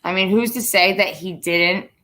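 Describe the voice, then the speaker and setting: A woman's voice: on the low side, normal speed, sharp tone. A young woman hosting a casual chat, telling stories bluntly with plenty of swearing. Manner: profane, blunt storytelling. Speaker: podcast host.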